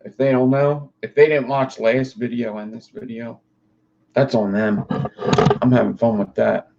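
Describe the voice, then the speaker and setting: A man's voice: medium pitch, steady tone, measured pace, gravelly, warm tone, muffled recording, a little hiss or hum. A young man hosting a livestream. He rambles in casual chat, swears freely and talks to his viewers. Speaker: livestream host.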